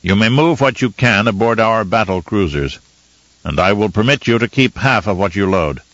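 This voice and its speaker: A man's voice: lowish voice, animated, normal speed, fairly bright tone, no room sound, dull audio. Man voicing a curt military commander. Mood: commanding. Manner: curt, clipped orders.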